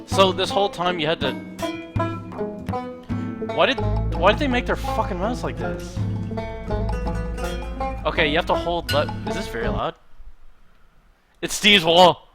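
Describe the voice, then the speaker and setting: A man's voice: sits high, animated, moderate pace, pauses often. A man streaming a game, joking and swearing casually as he reads on-screen text aloud. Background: game music.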